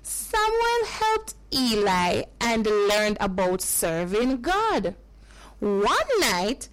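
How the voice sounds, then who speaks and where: A woman tells a Bible story to children in a high, bouncing voice that rises and falls widely. She takes her time and often repeats a phrase to make it sink in. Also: big pitch swings, extremely slow, rough recording.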